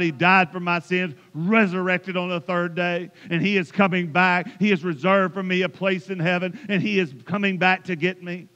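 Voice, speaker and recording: Emphatic preacher, high bright voice. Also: male voice. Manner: emphatic, rising to impassioned build-ups. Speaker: pastor. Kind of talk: sermon. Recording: dull sound in a reverberant church hall.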